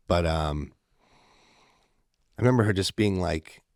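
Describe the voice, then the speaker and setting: A man with a low voice talks casually and with life on a faith podcast, quoting others with feeling as he tells stories. The recording is dry and close. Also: slow, no room sound. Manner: animated storyteller, quotes others with feeling. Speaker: podcast co-host. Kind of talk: faith-based casual discussion.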